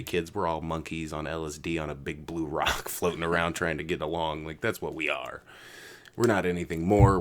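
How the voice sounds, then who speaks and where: A man hosting a casual podcast, ranting with lots of swearing, jumping between loud outbursts and low mutters. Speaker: podcast host.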